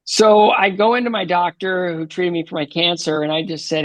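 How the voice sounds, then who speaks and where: A man's voice: sits high, fairly even intonation, brisk, few pauses, no room sound. A man in his fifties, a podcast guest, earnestly retelling his life story with many fillers and restarts. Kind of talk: storytelling interview answer.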